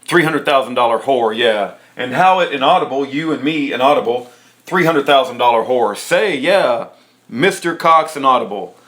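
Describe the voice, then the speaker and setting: A man reads a court transcript aloud at a moderate pace, adding indignant, sarcastic commentary in an expressive delivery. He drops into a low, mocking tone for the lines he reads and bursts into shouts.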